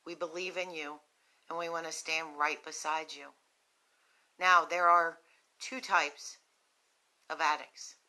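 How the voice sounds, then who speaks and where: A West Virginian woman speaks into her phone on a live stream, low and steady in pitch, with a bright, clear tone. She is sick with a cough and has a cough drop in her mouth, and she talks slowly and gently to people struggling with addiction, filling the pauses with ums. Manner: slow, gentle and compassionate, with frequent ums. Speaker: host of a recovery nonprofit's live video. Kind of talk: earnest live-stream talk to viewers.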